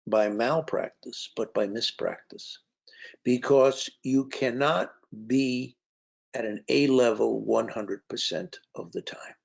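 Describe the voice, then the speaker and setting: A man's voice: medium pitch, vocal fry, breathy edge. A man and author giving a conversational talk, telling anecdotes with frequent fillers. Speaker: author and speaker. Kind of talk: storytelling talk. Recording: dull lo-fi recording.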